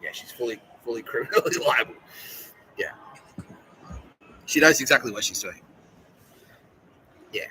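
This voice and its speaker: A man's voice: medium pitch, lively intonation, moderate pace, pauses often, bright, forceful tone, slight background noise, poor audio. A man with an Australian accent hosting a podcast in a rambling, profane, heated monologue. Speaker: podcast host. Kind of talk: casual monologue.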